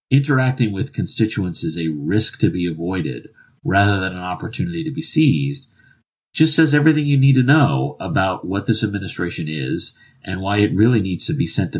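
Deep-voiced man, husky and earnest. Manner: earnest, argues in long stretches with restarts. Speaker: podcast co-host, former political candidate. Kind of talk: casual political chat.

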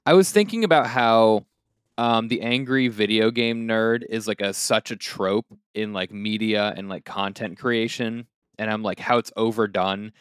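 A man's voice: lowish voice, normal speed, clean tone, dry recording, studio quality. A young man co-hosting a podcast, casually recapping an anime episode with jokes and fillers. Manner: joking, rambling recap with fillers. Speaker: podcast co-host.

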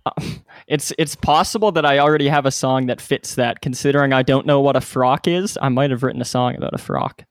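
Smooth-voiced, hesitant male co-host. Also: mid-range voice, a little fast, dry recording, studio quality. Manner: self-correcting, hesitant, candid. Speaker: podcast co-host. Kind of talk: casual podcast chat.

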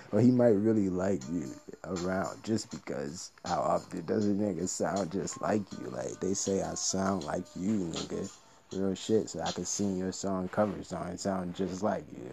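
A man's voice: low-pitched, expressive, normal speed, creaky, over music. A man talking through a trading strategy in a rambling, slangy, joking monologue. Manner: loose, slangy, joking, profane.

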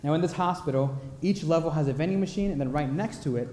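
A man's voice: on the high side, fast talker, a little mellow, echoey room, long reverb tail, slight background noise. A male pastor telling a story during a sermon in a conversational way, with frequent fillers. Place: church sanctuary.

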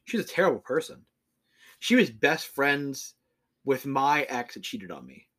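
A man's voice: mid-range voice, very animated, unhurried, a bit bright, husky. A young man co-hosting a podcast, chatting casually and ranting with plenty of swearing. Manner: profane, ranting. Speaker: podcast co-host. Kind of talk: casual chat.

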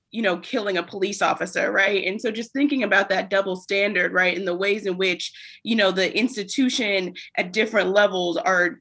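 A woman interviewer with a bright, clear voice and a medium pitch. She asks long, thoughtful questions and searches for her words along the way. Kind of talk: casual interview conversation.

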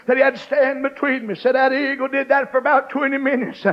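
A man preaching and telling a story in a fervent voice that rises into shouts and hallelujahs, on a dull radio recording. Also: very high voice, level tone, fast talker. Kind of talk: sermon storytelling.

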